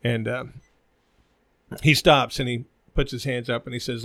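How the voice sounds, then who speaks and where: A man on a casual podcast, telling crude jokes loudly and laughing at his own punchlines. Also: medium pitch, fairly even intonation, unhurried, no room sound. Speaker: podcast co-host.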